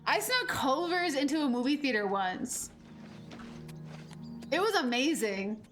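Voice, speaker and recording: A woman in her twenties streaming a game, chatting in a rambling, animated way with lots of fillers and casual swearing. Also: high voice, a little slow, over music. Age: 20s. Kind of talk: casual gameplay chat.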